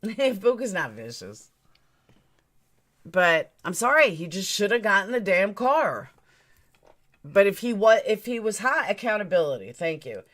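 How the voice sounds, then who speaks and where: A woman streamer gives blunt, emphatic commentary and answers her chat directly. Her pitch sits in the middle for a woman. She is opinionated and firm in every line. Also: fairly bright tone. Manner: talks straight to her chat. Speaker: true crime streamer.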